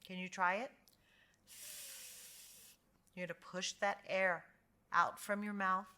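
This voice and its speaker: An American woman teaching English pronunciation, drawing out sounds slowly and praising each try. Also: medium pitch, level tone, pushed and bright. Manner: slow, patient, drawn-out sounds for repetition; encouraging praise after each drill. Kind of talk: slow phonics lesson.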